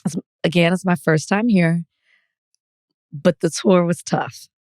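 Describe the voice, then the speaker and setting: A woman's voice: fairly low pitch, a little slow, no echo, studio quality. A woman co-hosting a podcast, telling a story in casual chat with frequent laughter. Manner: animated storyteller, laughs often. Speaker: podcast co-host.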